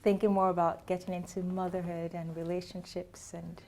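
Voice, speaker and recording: A woman's voice: lowish voice, level tone, normal speed, mellow. A woman hosting an interview show, welcoming viewers and prompting her guest with brief questions. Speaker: host.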